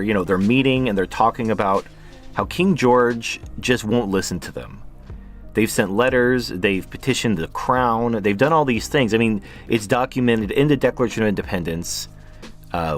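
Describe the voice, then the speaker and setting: Blunt, sarcastic man commentator. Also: mid-range voice. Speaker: political commentator. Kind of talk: opinion monologue vlog.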